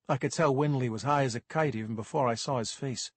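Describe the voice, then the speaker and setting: A man's voice: mid-range voice, quick pace, few pauses, slightly rough, no room sound. A man narrating a first-person crime audiobook in a dry, wry manner.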